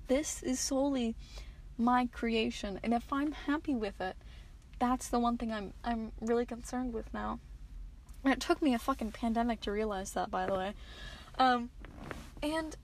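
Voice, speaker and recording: A woman's voice: on the high side, a little slow, pauses often, darkish tone, low-quality recording. Candid, swearing young American woman podcaster. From United States. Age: late teens. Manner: candid, swearing, rambling with restarts. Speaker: podcast host. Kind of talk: solo podcast monologue. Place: inside a parked car.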